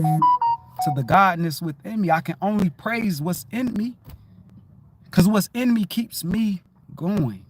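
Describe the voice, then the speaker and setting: Animated high-voiced man on a livestream. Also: slight background noise. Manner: animated, profane, keeps asking "you know what I'm saying". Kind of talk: casual spiritual monologue.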